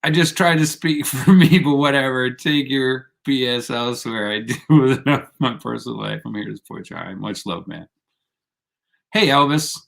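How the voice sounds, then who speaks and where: A man's voice: medium pitch, moderate pace, gravelly, fairly bright tone. A man hosting a casual live stream, laid-back and rambling, laughing often as he chats with viewers. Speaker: livestream host.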